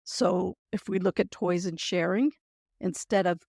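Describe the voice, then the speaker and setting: A woman hosting a parenting podcast, giving gentle, reassuring advice and sample phrasings in a scripted talk. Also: fairly low pitch, steady tone, measured pace, vocal fry, no echo, clean studio sound.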